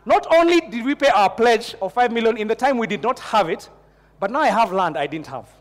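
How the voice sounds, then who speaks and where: A man's voice: high voice, animated, a little fast, in a large hall. A man preaching a sermon to a church congregation, telling a personal story and building into fervent prayer. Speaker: pastor.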